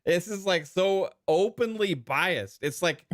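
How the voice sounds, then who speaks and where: A man's voice: sits high, slow, few pauses. A man hosting a casual podcast, chatty and emphatic, leaning into his points. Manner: chatty, emphatic, animated asides. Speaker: podcast host.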